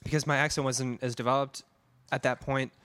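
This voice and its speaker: A man's voice: mid-range voice, fairly even intonation, brisk, a bit bright, no echo. Candid man laughing through casual chat. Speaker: podcast co-host.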